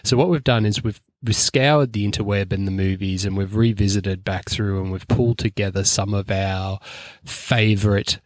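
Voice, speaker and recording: A man's voice: lowish voice, steady tone, moderate pace, dry recording. A man co-hosting a podcast in casual, rambling, enthusiastic chat full of fillers. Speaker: podcast co-host.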